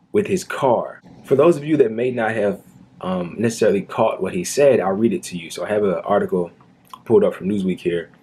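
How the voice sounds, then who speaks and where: A man's voice: fairly low pitch, darkish tone, breathy edge. A man giving indignant reaction commentary on a news video, talking earnestly with frequent fillers like "um" and "you know.".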